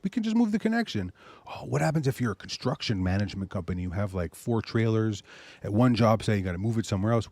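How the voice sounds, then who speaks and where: A man hosting a show, pitching his service in a loose, animated way and muttering asides to himself. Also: no room sound. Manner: animated salesy pitch, mutters asides while browsing pictures. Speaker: host. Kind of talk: casual promotional talk.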